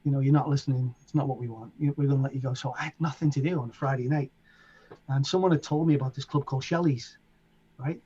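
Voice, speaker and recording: A middle-aged man from England with a Liverpool accent, a DJ telling animated stories as an interview guest and acting out voices and sounds. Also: mid-range voice, quick pace, breathy edge, lo-fi sound. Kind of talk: casual storytelling.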